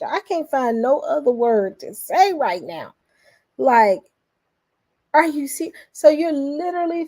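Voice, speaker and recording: A woman, a vlogger giving lively reaction commentary and talking straight to her viewers. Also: sits high. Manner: animated, exclaiming, addresses viewers as y'all.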